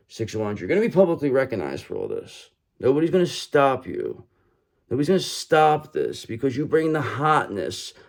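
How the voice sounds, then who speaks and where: A male tarot reader speaks directly to his audience with a lively, swooping pitch that climbs and drops through his sentences. He hammers each point by repeating it, tosses in "okay?" after nearly every claim and calls the listener "brother". His voice sits at a middle pitch for a man. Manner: emphatic, repeats lines, says "okay?" and "brother" often. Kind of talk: tarot reading to camera.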